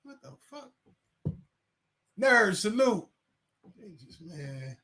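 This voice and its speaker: A man's voice: sits high, sing-song, slow pace, sharp tone. A man hosting a casual livestream, rambling, laughing and reading chat names aloud. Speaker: livestream host.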